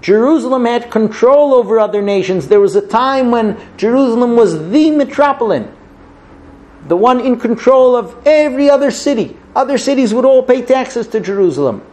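A man with a high voice gives an impassioned Torah lesson. He builds his points through rhetorical questions, and now and then he chants verses. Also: lively intonation, moderate pace, a little mellow. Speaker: Torah teacher. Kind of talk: Torah class on the Book of Lamentations.

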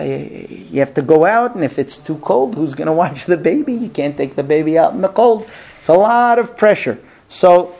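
Animated man lecturing a class. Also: on the high side, gravelly. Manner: humorous, acts out quoted dialogue, many fillers. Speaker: teacher giving marriage advice to grooms. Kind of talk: lively lecture to a small class. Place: room with a live audience.

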